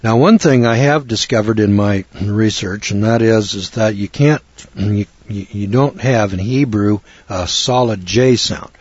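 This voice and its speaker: A man's voice: fairly low pitch, a little slow, a little mellow, husky, no room sound, highs cut off. An older American man giving informal, rambling Bible teaching in a folksy manner with frequent restarts. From United States.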